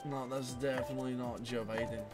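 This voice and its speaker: A man's voice: mid-range voice, level tone, fairly quick. A man doing raging, sarcastic gameplay commentary in a put-on Scottish accent, swearing as he rants. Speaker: gaming channel host. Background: racing game music.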